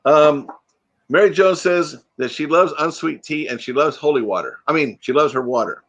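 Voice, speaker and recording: A man's voice: fairly high pitch, normal speed, fairly bright tone, muffled recording. A man hosting a casual live stream, chatting loosely and answering viewer comments while still a bit groggy from waking up. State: groggy, freshly woken.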